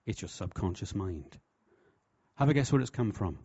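A man preaching a sermon with humour, lively and jokey, slipping into voices for quotes. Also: on the low side, normal speed, slightly rough. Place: church hall. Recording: dull, lo-fi sound.

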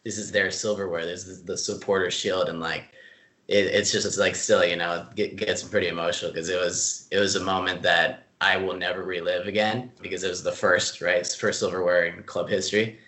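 Low voiced guy, bright punchy tone, rambly casual storytelling, roomy echo. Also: a little fast. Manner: relaxed, lots of "like" fillers, laughs easily. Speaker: club staff member being interviewed.

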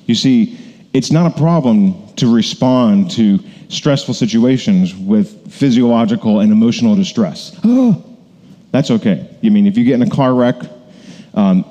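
Man preaching, very dark mellow voice, rambling with fillers and self-corrections, long hall reverb. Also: lowish voice, measured pace, dull audio. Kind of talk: conversational sermon.

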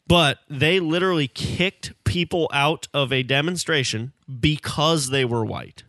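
A man's voice: a little high, unhurried, bright, forceful tone, no room sound, studio quality. A young man in casual podcast chat, emphatic and storytelling, often saying bro.

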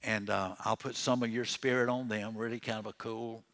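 A man's voice: lowish voice, flat delivery, moderate pace, vocal fry, a bit bright. A man preaching a sermon as pastor in a church, conversational and chatty, with joking asides and chuckles.

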